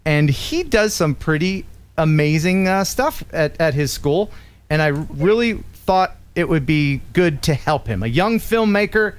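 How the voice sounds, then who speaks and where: Male live-stream host, a bit high-pitched, casual and playful. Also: lively intonation, a little slow, clear, resonant tone.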